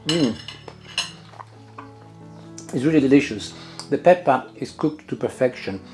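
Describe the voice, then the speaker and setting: A man's voice: mid-range voice, animated, fairly quick, music in the background. A man hosting his cooking channel, chatting casually to camera with lots of "uh" fillers while he cooks and tastes in a home kitchen.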